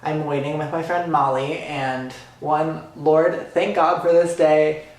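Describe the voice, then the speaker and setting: A man vlogging an excited personal story, animated and dramatic, full of "like" and "literally.". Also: a little high, slow. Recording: echoey room.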